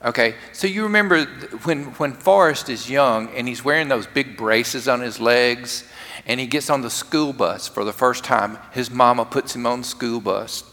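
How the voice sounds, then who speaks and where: A man preaching a lively, conversational sermon to his congregation, acting out quotes along the way. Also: medium pitch. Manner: animated, conversational, acts out quotes. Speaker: pastor. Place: church sanctuary. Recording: long reverb of a large church hall.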